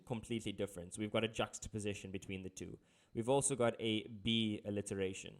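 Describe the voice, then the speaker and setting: A man's voice: lowish voice, moderate pace. A man, tutoring in a casual, playful way with jokey asides. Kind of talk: casual exam-prep lesson.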